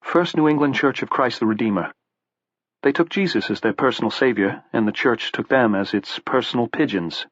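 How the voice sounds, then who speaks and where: A man's voice: mid-range voice, moderate pace, a bit bright, no echo, dull audio, natural voice. A man voicing a mild but bitter middle-aged man who speaks in a dry, sardonic way.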